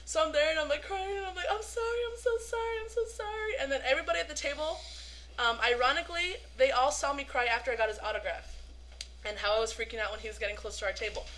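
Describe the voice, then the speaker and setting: A young woman vlogging as a fan, telling a story in an excited, gushing way, full of "like" fillers. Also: sits high, fast, slight background noise.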